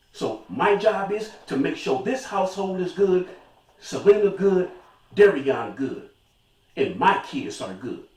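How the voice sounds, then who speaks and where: A man's voice: medium pitch, far from the mic. An older man talking to his viewers in a casual monologue, emphatic and repeating his phrases. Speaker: vlogger. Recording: echoey room, voice off mic.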